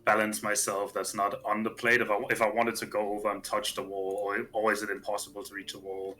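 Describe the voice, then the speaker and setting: Bright-voiced man playing a tabletop game. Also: on the low side, completely flat delivery, brisk, rough recording. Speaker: player. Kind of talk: casual tabletop game play.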